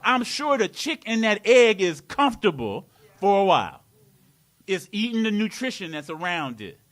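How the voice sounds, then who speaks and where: Guy preaching live, high bouncy voice all over the place, jokes around a lot. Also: big pitch swings, moderate pace, fairly bright tone. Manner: playful, laughing, call-and-response. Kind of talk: live sermon. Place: community worship hall.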